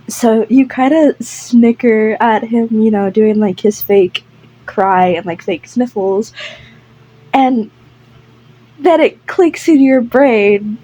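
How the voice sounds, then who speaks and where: A young woman narrating a casual fan audio story in a rambling, halting way with many fillers. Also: on the high side, warm tone, breathy edge, highs cut off.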